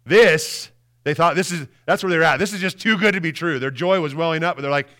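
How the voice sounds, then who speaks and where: Animated pastor man preaching. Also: a little high, brisk. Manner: animated, conversational, often repeats words and asks "right?"; swings between loud emphasis and quiet, hushed lines. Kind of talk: Easter Sunday sermon.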